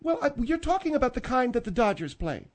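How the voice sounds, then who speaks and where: A prim, touchy housewife in falsetto. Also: male voice, sing-song, quick pace. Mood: indignant. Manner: prim, indignant, takes offense. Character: fussy, easily offended middle-aged wife. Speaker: caller.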